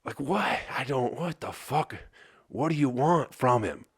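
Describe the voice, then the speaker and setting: A man's voice: medium pitch, expressive, measured pace, breathy edge, no room sound, studio quality. A hungover man from Flint, Michigan, hosting his own podcast, ranting in a profane, exasperated ramble. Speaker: comedian podcast host. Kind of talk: solo rambling podcast rant.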